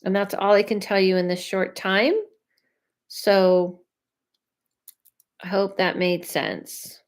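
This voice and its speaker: A woman of middle pitch hosts a live psychic reading stream. She chats loosely, trails off and restarts her sentences as she works through viewers' questions. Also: level tone, takes it slowly. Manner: chatty, self-interrupting, thinks aloud; reads viewer questions aloud. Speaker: psychic medium.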